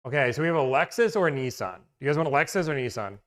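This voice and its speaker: A man's voice: mid-range voice, lively intonation, rapid-fire. A man hosting a casual livestream, rambling and interrupting himself as he chats with viewers about car deals. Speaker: car-buying negotiation service host.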